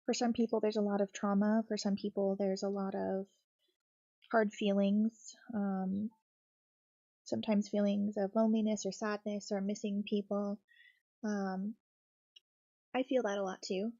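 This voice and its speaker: A woman chatting in a gentle, reassuring way while she builds a craft kit, talking close to her desk mic. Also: medium pitch, little pitch movement, unhurried, long pauses, dry recording, lo-fi sound. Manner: soft-spoken, reassuring, gentle. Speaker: craft streamer. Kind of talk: cozy casual chat while building.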